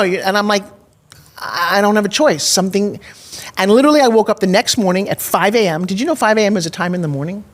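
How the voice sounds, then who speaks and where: A woman's voice: medium pitch, animated, fast talker. A middle-aged woman as a podcast guest, telling a personal story candidly and with emphasis, acting out her own past thoughts. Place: studio in Nashville.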